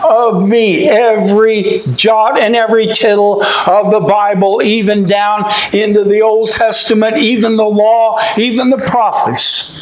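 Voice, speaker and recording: A man preaching a sermon with an emphatic, drawn-out cadence. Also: high-pitched, reverberant, low-quality recording.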